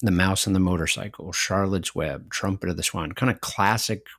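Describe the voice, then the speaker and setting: A middle-aged man co-hosting a podcast, telling stories in an animated way and laughing often. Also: deep voice, moderate pace, no room sound, studio quality. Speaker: podcast co-host. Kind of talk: conversational podcast discussion.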